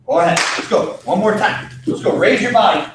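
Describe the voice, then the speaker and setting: Man instructor, very high voice, firm repeated coaching, booming echoey gym heard from far off. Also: fairly quick, background noise. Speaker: martial arts instructor. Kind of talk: coaching a kids' self-defense class.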